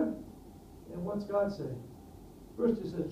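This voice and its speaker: A man preaching a sermon, earnest, often asking the congregation questions and building to loud emphatic peaks. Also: high voice, a little slow, slight background noise. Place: church hall. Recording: distant roomy mic, dull sound, faint ambience.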